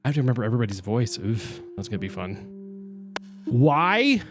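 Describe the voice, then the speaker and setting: Young male streamer with a lively, swooping voice, chatty and exclamatory while he plays. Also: medium pitch, normal speed, over music. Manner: animated and chatty, with exclamations and self-talk. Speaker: streamer playing a narrative game. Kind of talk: casual let's-play commentary, reading and voicing game characters.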